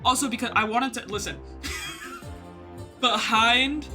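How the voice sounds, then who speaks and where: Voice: medium pitch, normal speed, music in the background. A gaming streamer giving casual, jokey commentary, often flustered, reading game text aloud as they play. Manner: chatty, jokey, easily flustered.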